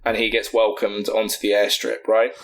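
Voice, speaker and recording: A man's voice: lowish voice, completely flat delivery, moderate pace, a bit bright, slight background noise. Rambling, profane male podcast co-host. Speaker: podcast co-host pitching a film. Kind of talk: casual comedic storytelling.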